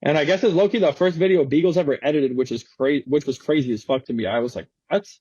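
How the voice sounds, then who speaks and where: A man's voice: fairly high pitch, fast, dark tone, breathy edge, no room sound, lo-fi sound. A young man in his twenties, a guest skateboarder telling stories in casual, slangy, swearing chat in a podcast studio. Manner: slangy, swearing, laughing storyteller.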